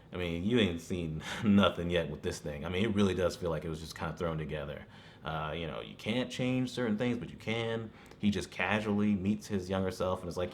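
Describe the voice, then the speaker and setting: A man's voice: low-pitched, a little hiss or hum. A man giving a casual, rambling movie review, full of "you know" asides and chuckling now and then.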